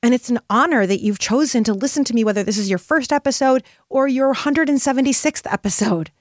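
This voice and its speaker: A middle-aged woman with a bright, somewhat high voice delivers a motivational podcast monologue. She speaks with fervent, spiritual conviction, leaning hard into her key words. The sound is close and dry, with no room around it. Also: brisk, dry recording. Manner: impassioned, emphatic, spiritual. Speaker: podcast host.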